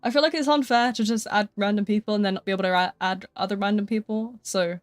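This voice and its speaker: A woman's voice: medium pitch, fairly even intonation, quick pace, hardly any pauses, no room sound, soft background music. Young British woman, casual streamer, chatty and giggly, dry close sound. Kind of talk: casual live-stream chat while gaming.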